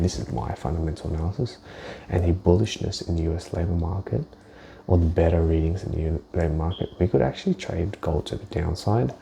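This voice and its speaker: Low, gravelly man talking through trades. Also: mellow, a little hiss or hum. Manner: loose, thinking aloud, swears, restarts sentences. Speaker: forex trader. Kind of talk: casual screen-share market walkthrough.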